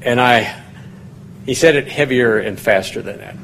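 A man at a medium pitch gives a relaxed, rambling sermon, chatting through the background of a passage. When he reads the verses aloud, his voice climbs higher and grows louder. A faint hum of room ambience sits behind him. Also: normal speed, vocal fry. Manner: folksy and digressive, rising in pitch and volume when reading scripture aloud. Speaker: pastor teaching a Bible study. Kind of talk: conversational sermon.

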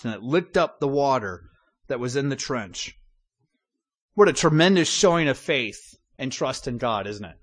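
A man's voice: a little high, a bit bright. A middle-aged man preaching a sermon in a conversational way, with asides and restarts.

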